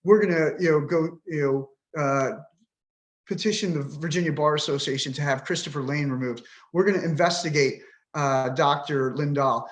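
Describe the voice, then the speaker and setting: This is a man in his fifties appearing as a podcast guest, his voice fairly high and his speed normal. He vents in emotional interview talk, frustrated and swearing bluntly.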